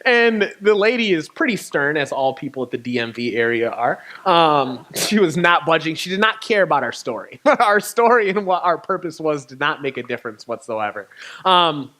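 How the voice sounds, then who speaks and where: A poet shares a personal road story from a church stage, his voice bright and clear and set a little above the usual male pitch. He tells it candidly and with animation, letting small laughs slip between lines. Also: sing-song, normal speed. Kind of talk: spoken storytelling talk. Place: church venue.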